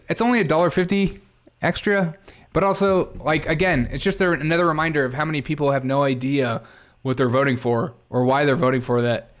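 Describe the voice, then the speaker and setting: Sarcastic male livestream host. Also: mid-range voice. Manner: sarcastic, laughs often, thinks aloud. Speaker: political commentary host reacting to clips. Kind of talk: casual livestream commentary.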